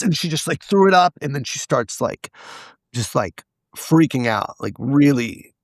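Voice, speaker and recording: A man's voice: mid-range voice, lively intonation, moderate pace, no room sound. A man as a podcast guest, candidly telling a personal story and acting out the quoted dialogue. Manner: confessional, acts out quoted dialogue.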